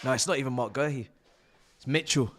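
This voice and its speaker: A young man hosting a live football watch-along, excitable and swearing, shouting at the players. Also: mid-range voice, brisk. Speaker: live stream host.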